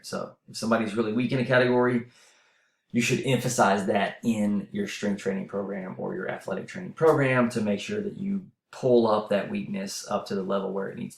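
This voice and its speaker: A man's voice: on the low side, creaky, reverberant. A man teaching a university class in a casual, explanatory way, with fillers and restarts. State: running out of breath. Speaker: university instructor. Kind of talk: recorded lecture voice-over. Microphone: voice-over mic.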